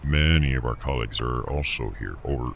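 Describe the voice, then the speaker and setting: A man's voice: extremely low pitch, brisk, vocal fry, slight background noise. A man reading the lines of a male police radio operator, clipped and formal in radio style. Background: game music.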